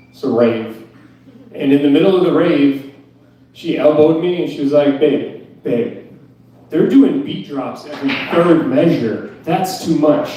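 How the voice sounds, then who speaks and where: A man's voice: on the high side, warm tone, heavy reverb, far from the mic, rough recording. A young man doing a stand-up set at an open mic, ranting in a profane, incredulous, self-mocking way. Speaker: stand-up comedian. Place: club stage.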